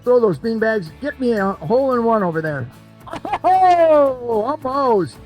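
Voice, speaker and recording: A man's voice: high-pitched, lively intonation, fairly quick, darkish tone, soft background music. An older man emceeing a cornhole game at an event, joking and coaxing people along with lots of repetition. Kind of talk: lively crowd banter.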